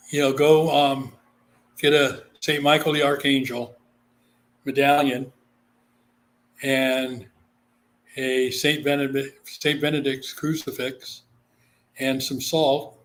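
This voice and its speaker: A man from Guam, a psychic medium, telling a story in a casual interview, with lots of "you know" fillers and quoted voices. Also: mid-range voice. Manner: chatty, full of "you know" fillers, acts out quoted people.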